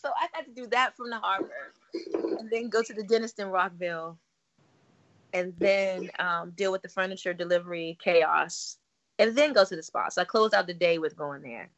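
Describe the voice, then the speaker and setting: A woman co-hosting a casual chat podcast, telling a story with lively asides and acting out the people she quotes. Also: lowish voice, moderate pace, highs cut off. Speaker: podcast co-host.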